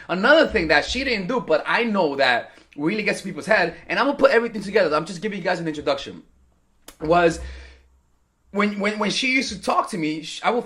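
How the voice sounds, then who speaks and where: A young man talking to camera as a dating coach, telling a story in a casual, animated way and acting out the lines he quotes, with the odd swear word. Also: high-pitched.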